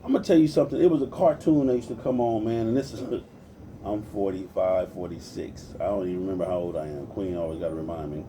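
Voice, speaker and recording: A man's voice: deep voice, quick pace, far from the mic, background noise. A man in his forties from Compton, California, ranting in a casual livestream, cursing freely and greeting viewers by name as he preaches. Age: 40s. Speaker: livestream host.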